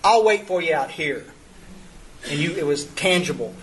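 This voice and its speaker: Sponsoring a twelve-step study, a middle-aged man rambles through a humorous, folksy story for the recovery group, interrupting and restarting himself often. His voice is a little high, expressive and fairly bright at a moderate pace, with slight hiss or hum.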